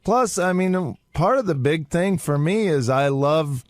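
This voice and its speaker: A man's voice: a little high, animated, measured pace, no echo, studio quality. A man who laughs often and chats eagerly and jokingly on a radio show. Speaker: show staffer. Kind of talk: radio studio chat.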